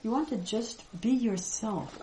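A woman giving a reflective spiritual teaching talk, gentle and unhurried, with soft laughs and pauses. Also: a little high, roomy sound, slight background noise, poor audio. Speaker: Vedanta teacher.

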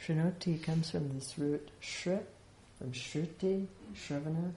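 A woman's voice: deep voice, a little slow, warm tone, slight background noise. A woman giving an informal spiritual teaching, talking conversationally with rhetorical questions and light laughs. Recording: echoey room with faint ambience.

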